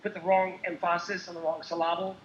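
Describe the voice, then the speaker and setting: A man co-hosting a casual political talk show, animated and laughing often. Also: high-pitched, brisk, noisy background. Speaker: co-host. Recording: echoey lo-fi call audio.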